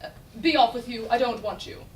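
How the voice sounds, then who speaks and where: A woman voicing a brusque, excitable middle-aged male professor, recorded from a distance in an echoey room. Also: fairly high pitch, very noisy, lightly acted. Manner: brisk and bullying. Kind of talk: recitation in a speech competition.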